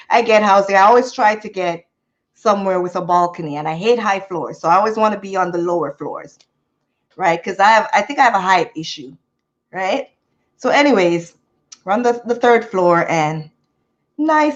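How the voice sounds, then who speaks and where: A woman's voice: mid-range voice, highs cut off. A woman telling a rambling story to her live chat in a chatty way, laughing easily. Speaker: vlogger.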